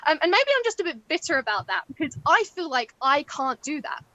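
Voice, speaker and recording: Deadpan young woman doing stand-up. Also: high voice, fairly quick, no echo, dull audio. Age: 20s. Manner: deadpan, mimics others in put-on voices. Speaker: stand-up comedian. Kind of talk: stand-up set over video call. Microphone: video call.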